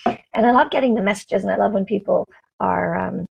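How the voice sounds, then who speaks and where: A woman's voice: medium pitch, fairly quick, gravelly, a little mellow, husky, rough recording. A woman talking straight to her camera in a casual live morning chat, upbeat and chatty, greeting viewers by name. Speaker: motivational vlogger. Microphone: camera mic, talking straight to camera.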